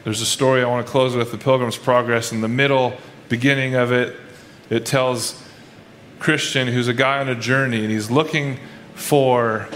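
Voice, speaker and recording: A male pastor speaks in a flat, mid-range voice with a fairly bright tone and moderate pace, over a little hiss or hum. His sermon is casual and conversational, with repeated sentence restarts and quoted asides that voice people's inner thoughts.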